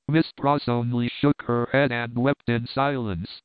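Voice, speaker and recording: A man narrating a classic novel in a measured, even way, with a smooth and clear mid-pitched voice. The recording is dry and close, with a narrow, phone-like sound. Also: no room sound.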